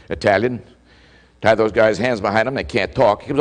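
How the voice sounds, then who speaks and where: A man's voice: fairly low pitch, fast talker. An older man giving a keynote talk to an audience, telling stories animatedly and acting out quoted exchanges. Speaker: motivational speaker. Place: large hall before a live audience. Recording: speech with long hall reverb.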